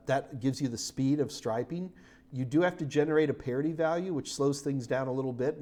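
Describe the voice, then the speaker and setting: A man's voice: mid-range voice, a little mellow. A middle-aged man giving a live-streamed technical lecture as an IT certification instructor, casual and joking as he talks through his slides.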